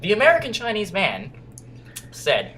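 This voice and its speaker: A man's voice: high voice, huge pitch swings, normal speed, bright, forceful tone, a little hiss or hum. A man casually reading out a game and bantering with a friend, teasing and exasperated. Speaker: gamer narrating a playthrough. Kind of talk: casual let's-play commentary.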